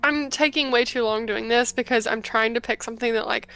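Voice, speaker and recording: Female guest, upbeat and chatty, gravelly vocal fry. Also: on the high side, steady tone, a little fast, sharp tone. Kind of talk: casual live-stream chat.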